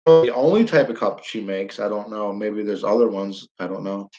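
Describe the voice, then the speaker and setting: A man's voice: fairly low pitch, normal speed, dark tone. Rambling man on lo-fi stream audio. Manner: rambling, repeats words, reads comments aloud. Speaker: live stream host. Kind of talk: casual live-stream chat with viewers.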